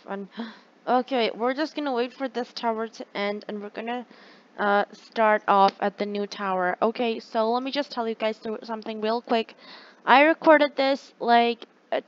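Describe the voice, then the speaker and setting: A woman giving casual commentary over her own gameplay, excitable and chatty with her viewers, gasping and groaning at every setback. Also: fairly high pitch, dull audio. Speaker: gaming channel host.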